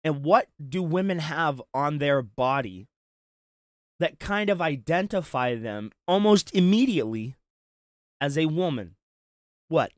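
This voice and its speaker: High-voiced man ranting sarcastically. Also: animated, a little slow, pauses often, no echo, studio quality. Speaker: commentary streamer. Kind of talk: heated reaction commentary.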